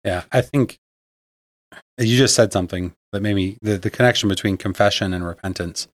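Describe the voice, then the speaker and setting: Brief: man with a low voice, thinks aloud, conversational faith talk, dry close sound. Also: brisk, dry recording. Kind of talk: casual conversation about faith.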